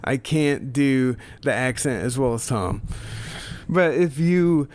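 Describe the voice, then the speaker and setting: A man's voice: medium pitch, lively intonation, takes it slowly, a little mellow. A man hosting a casual podcast, introducing clips in a laid-back, chuckling, rambling way. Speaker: podcast host presenting clips. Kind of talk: casual solo narration between clips.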